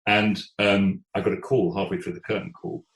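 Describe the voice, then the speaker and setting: A British theatre executive in his sixties telling stories in an interview, animated, often restarting words and quoting voices. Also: low-pitched, moderate pace, gravelly, roomy sound, low-quality recording. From Britain. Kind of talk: conversational storytelling.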